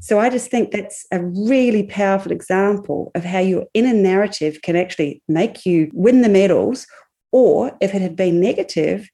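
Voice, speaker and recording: A woman psychologist co-hosting a podcast, explaining ideas in a measured way with examples. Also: mid-range voice, mellow. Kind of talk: casual podcast conversation.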